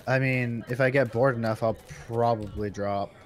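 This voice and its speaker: A man's voice: medium pitch, fairly even intonation, normal speed, slight background noise. A man chatting casually while playing a game with friends, laid-back and a little teasing. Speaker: co-player. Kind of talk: casual gaming chat.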